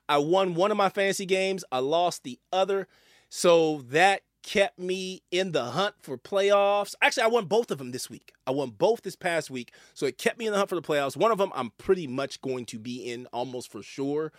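A man's voice: a little high, no room sound, studio quality. A male host, talking emphatically and swearing as he delivers opinionated commentary. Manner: animated, emphatic, swearing, with fillers and repeats.

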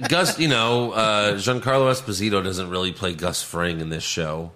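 A man's voice: on the low side, normal speed, bright, forceful tone. A man co-hosting a casual podcast, blunt and wry, reading out news items. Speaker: podcast co-host. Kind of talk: casual chat.

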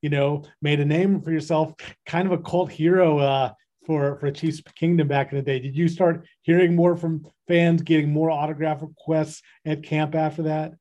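Slightly high-voiced male interviewer. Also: little pitch movement, moderate pace, hardly any pauses, warm tone, dull audio. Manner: conversational, hedging with fillers. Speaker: interviewer, host. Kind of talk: casual interview questions.

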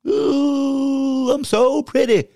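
A man puts on a vain, boastful alter ego who teases and preens in a sing-song voice, pitched far above his own. He sounds petty and showy, and the dry, close recording has almost no room sound. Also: fairly even intonation, drawn-out words, creaky, warm tone, dry recording, heavily acted. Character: vain, petty, boastful male alter ego calling himself a pretty bird.

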